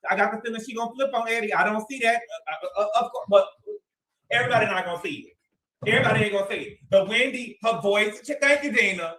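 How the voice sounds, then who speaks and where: A man with a high, bright voice hosts a livestream recap, sassy and dramatic, hammering lines home by repeating them. The sound carries a roomy echo. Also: fast. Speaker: livestream host. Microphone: streaming mic.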